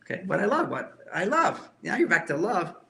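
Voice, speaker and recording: Gravelly, bright-voiced male counselor. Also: high-pitched, sing-song, a little fast. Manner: emphatic, repeats key phrases. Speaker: relationship counselor. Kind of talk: talk to a live audience.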